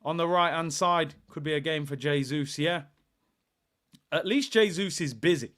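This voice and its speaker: A young man runs a live football watchalong, calling the match, reading out chat messages and shouting as the action heats up. His voice sits fairly high and he speaks at a moderate pace.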